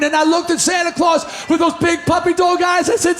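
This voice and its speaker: A man's voice: very high voice, little pitch movement, fairly quick, fairly bright tone, raised voice, a faint crowd. A man from the New York area telling a brash, joking story on a live stage between songs. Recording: roomy live venue with faint music.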